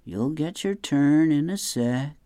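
A man voicing a contented middle-aged dad lounging in his easy chair, relaxed and lazy. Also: fairly high pitch, slow, clear, resonant tone, no room sound, clean studio sound, voice pushed up.

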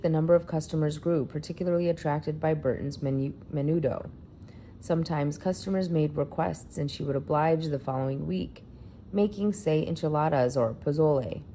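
A woman's voice: low-pitched, dark tone, slight background noise. A woman reading a feature article aloud in a plain narrating delivery.

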